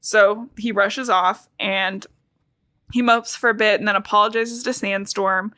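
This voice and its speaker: A young woman co-hosting a podcast, recapping a book in a casual, chatty way with lots of "like" and quick jokey asides. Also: mid-range voice, fairly even intonation, pushed and bright, no echo. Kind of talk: casual chat.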